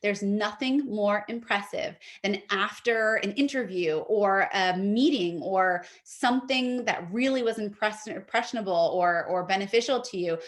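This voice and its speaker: A woman teaching an etiquette workshop, giving lively, practical advice with quick fillers, speaking into a video call mic. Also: mid-range voice. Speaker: etiquette instructor. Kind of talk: workshop presentation.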